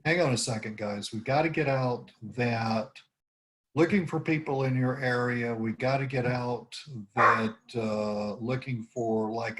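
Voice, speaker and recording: Coaching his team on cold calls in a casual video meeting, a man rambles through pointers and performs example phrases with an upward lilt. His medium-pitched voice is slightly bright, with a bit of hiss or hum in the recording.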